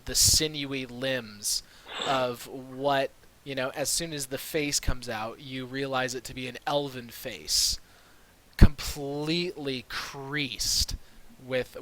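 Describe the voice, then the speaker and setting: A man narrating as dungeon master in relaxed, filler-heavy storytelling on a USB mic over a video call. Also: mid-range voice, takes it slowly, poor audio. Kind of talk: narrating a tabletop game.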